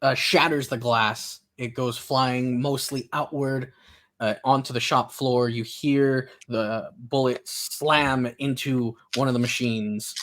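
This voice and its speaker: A game master narrates a tabletop role-playing session in a mid-range male voice. He sounds relaxed but halting, leaning on lots of filler words.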